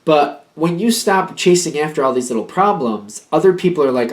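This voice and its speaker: A man's voice: fairly high pitch, lively intonation, normal speed. A man giving a casual tarot reading in a rambling, repetitive, emphatic way. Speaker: tarot card reader.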